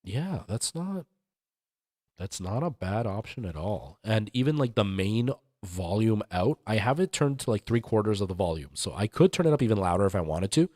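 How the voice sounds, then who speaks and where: A man streamer in relaxed casual chat, walking his viewers through mixer settings at length. His voice sits a little low and sounds dry and close on the mic. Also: moderate pace, no room sound. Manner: rambling, explaining audio gear to chat. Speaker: livestream host.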